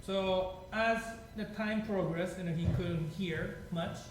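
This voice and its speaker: A man's voice: high voice, steady tone, takes it slowly. A man with a non-native English accent teaching a piano masterclass, talking in a chatty, digressive way and asking his students lots of rhetorical questions. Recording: distant mic in an echoey room with noise.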